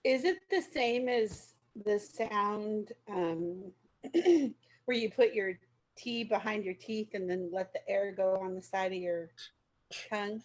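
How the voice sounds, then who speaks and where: A woman student asks questions in a language class, hesitant and careful. She talks slowly, in a mid-pitched voice, feeling her way through each question. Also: rough recording.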